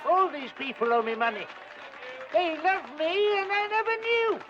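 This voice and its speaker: An actor playing an elderly, bewildered miser in a musical film, speaking in a theatrical, wondering way. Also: male voice, very high-pitched, big pitch swings, moderate pace, highs cut off, noisy background. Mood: wry. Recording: film soundtrack over cheering crowd.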